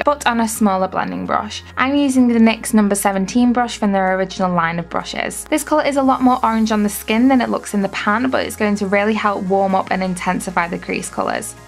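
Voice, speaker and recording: A young woman narrating a makeup tutorial in a bubbly, gushing, chatty way. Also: medium pitch. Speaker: makeup vlogger.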